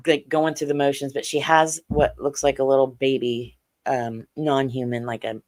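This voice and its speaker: A middle-aged woman, a podcast guest, telling a personal story slowly and haltingly, with many fillers and restarts. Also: rumbling low, level tone, a little mellow.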